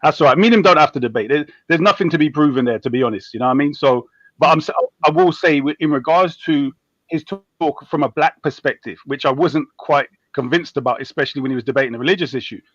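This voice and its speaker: A man's voice: fairly high pitch, quick pace, dry recording. A man talking animatedly in casual chat. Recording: dry, dull lo-fi sound.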